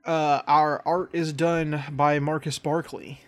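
A man's voice: fairly high pitch, level tone, slow pace. A man co-hosting a podcast in casual chat, joking and swearing as he rambles. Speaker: podcast co-host.

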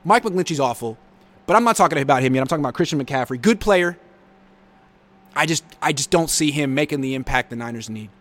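A man's voice: fairly high pitch, lively intonation, a little fast, a bit bright. A man hosting a live sports reaction show, reading viewer comments and answering with blunt sarcasm.

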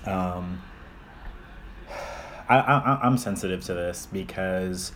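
A man's voice: deep voice, slow, pauses often, fairly bright tone, slight background noise. A young man co-hosting a casual podcast chat, talking in long rambling stretches with frequent restarts. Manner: rambling, repeats and restarts, self-deprecating. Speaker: podcast co-host.

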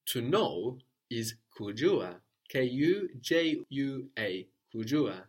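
Man, language teacher, patient, prompting, husky, breathy edge. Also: medium pitch, sing-song, takes it slowly. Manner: patient, prompts and corrects, often ends with "no?". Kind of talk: guided spoken language lesson.

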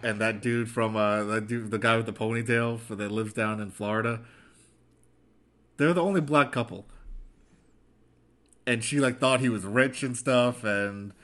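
A man's voice: mid-range voice, fairly even intonation, moderate pace, pauses often, a bit bright. Chatty man rambling about tv. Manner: rambling, chatty, does mocking quoted voices. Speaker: podcast co-host. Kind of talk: casual chat.

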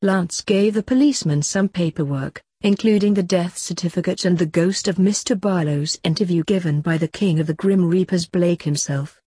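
Woman reading a story out loud, low husky voice, dry close sound. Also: moderate pace, few pauses, no room sound. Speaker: narrator.

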